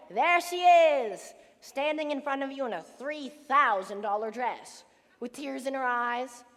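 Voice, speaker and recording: A woman's voice: high-pitched, a bit bright. A woman playing a wistful middle-aged man musing to the audience. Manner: confiding, musing asides to the audience. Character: lonely middle-aged male theatre fan, wistful and chatty. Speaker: narrator character. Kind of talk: school stage musical acting. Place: school auditorium stage. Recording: reverberant school auditorium.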